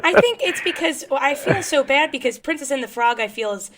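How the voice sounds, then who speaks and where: A woman's voice: high voice, expressive, fairly quick, noisy background. A woman hosting an interview show, upbeat and laughing along with her guest. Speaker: talk show host. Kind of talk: interview host.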